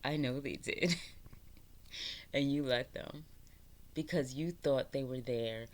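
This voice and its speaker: A woman from the Bronx, New York, with a low voice and slow pace, gives her viewers a casual spiritual pep talk as a vlogger. She swears constantly, laughs a lot, and preaches self-worth in a loose, streetwise manner.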